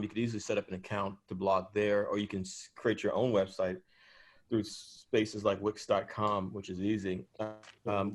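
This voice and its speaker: A man with a New York accent runs a writing workshop over a video call. He talks plainly and encouragingly, addressing the group as fellow writers. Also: lowish voice. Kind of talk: teaching a workshop class.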